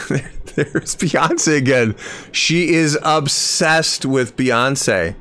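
A man's voice: mid-range voice, drawn-out words, a bit bright. A man commenting on a video clip, incredulous and critical, rambling and restarting his sentences.

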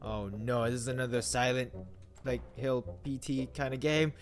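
A man's voice: mid-range voice, normal speed, faint music behind. A young man doing jokey horror game commentary, rambling to himself and yelping when startled. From Philippines. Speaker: gaming YouTuber.

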